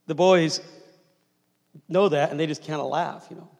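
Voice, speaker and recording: A pastor in his fifties, with a slightly high, gravelly voice, fairly even intonation, and normal speed, preaches a sermon in a conversational, storytelling way. He shares family stories and asks the congregation to respond, with the long reverb of a large hall around him.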